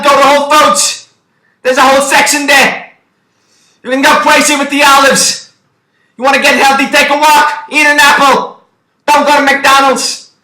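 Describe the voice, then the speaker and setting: A man voicing a loud male stand-up comedian who rants in exasperated shouts. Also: very high-pitched, heavily acted. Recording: echoey room.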